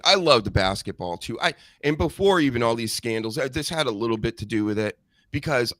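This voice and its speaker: A man hosting a podcast, ranting in an animated, sarcastic, profane way. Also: mid-range voice, fairly quick, no echo, studio quality. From United States. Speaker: podcast host. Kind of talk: casual ranting chat.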